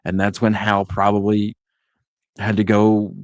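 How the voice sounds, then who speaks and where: Animated man, dry podcast mic. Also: fairly low pitch, unhurried, no room sound. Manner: animated, acts out quotes in voices. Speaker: podcast co-host. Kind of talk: casual review chat.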